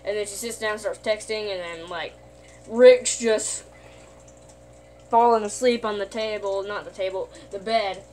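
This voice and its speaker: A woman's voice: medium pitch, fairly even intonation, a little slow, a little mellow, a little hiss or hum. A woman casually retelling a cartoon's plot in a rambling way, full of fillers and self-corrections. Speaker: video host.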